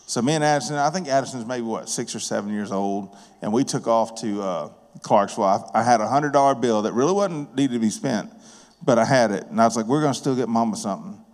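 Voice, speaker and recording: A man's voice: mid-range voice, fast talker, a little mellow. A man preaching a sermon in a plain-spoken, conversational way, telling stories from his work as a contractor and business owner. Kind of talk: sermon with personal storytelling. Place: church sanctuary. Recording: long reverb of a church hall.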